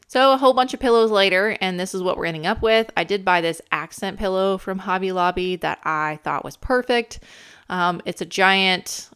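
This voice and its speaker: A woman's voice: lowish voice, fairly bright tone, clear, resonant tone. A young woman in casual voice-over narration as a renovation channel host, chatty and enthusiastic with lots of ums.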